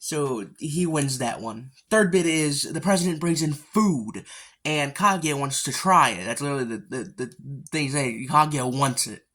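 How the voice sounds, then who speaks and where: A man with a voice a little higher than most men's walks through an anime episode in a casual, meandering way. He leans on fillers and mild curses. He slips into the characters' quoted lines with a lifted, louder delivery. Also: normal speed. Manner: rambling, fillers and mild swearing. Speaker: anime recapper.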